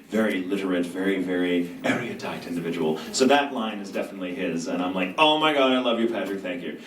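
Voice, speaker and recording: A man with a fairly low voice answers fan questions at a convention panel. He is animated and self-mocking, and he acts out quotes as he tells stories. The sound is roomy and distant, as if captured from the back of a big hall. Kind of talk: storytelling Q&A panel. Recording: echoey convention hall from far off.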